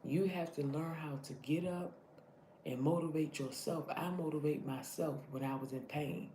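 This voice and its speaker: A woman's voice: sits low, moderate pace, dark tone, reverberant, a little hiss or hum. A woman in her thirties giving an earnest, preachy motivational talk to her followers, often repeating herself to drive points home. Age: 30s. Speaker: vlogger.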